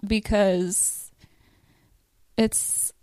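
A woman's voice: mid-range voice, fairly even intonation, extremely slow, dark tone, clear, resonant tone, no echo. Tearful woman thanking family, dry sound. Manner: tearful, laughing through emotion, many fillers. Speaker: family member giving a thank-you speech. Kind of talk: emotional casual speech.

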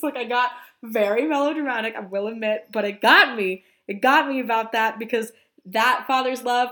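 A woman's voice: fairly high pitch, fairly quick, a bit bright. A young adult woman hosting a casual movie podcast, chatty and rambling, laughing often. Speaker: podcast host.

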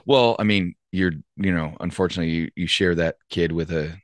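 Man, very deep voice, reflective, measured, casual chat. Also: steady tone, no room sound. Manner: reflective, measured, speaks from experience.

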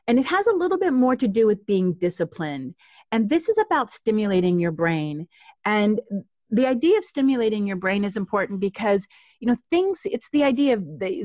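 A woman coaching clients, talking in a chatty, lively way in a casual podcast interview. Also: mid-range voice, no echo. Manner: lively, chatty, laughs often. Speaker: guest coach.

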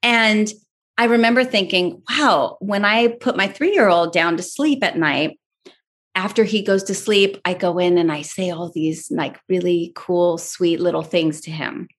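Woman, low-pitched voice, animated storyteller, casual interview chat. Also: measured pace. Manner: animated storyteller, acts out her own thoughts. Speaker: podcast guest.

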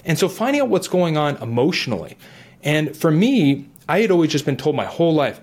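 A middle-aged man earnestly telling his own recovery story in a talk, animated and acting out his inner voice. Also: a little high, fast talker, breathy edge. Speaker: guest sharing recovery story. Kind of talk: earnest personal testimony.

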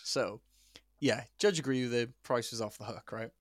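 A man's voice: medium pitch, normal speed, dry recording, clean studio sound. A young man, co-hosting a podcast, telling a history story in a swearing, casual way and laughing often. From Wales. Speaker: podcast co-host. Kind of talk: casual chat.

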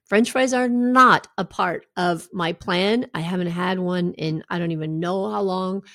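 Speaking a little slowly in a fairly low, fairly bright voice, a middle-aged woman health coach chats personally with her followers about recovering from a draining treatment. She's candid and drops in asides to listeners. The studio sound is clean, with no room echo.

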